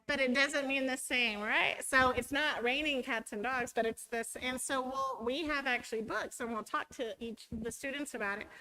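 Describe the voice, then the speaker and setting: A woman's voice: high-pitched, sharp tone, rough recording. A woman teacher giving a chatty training talk, often acting out her students' voices.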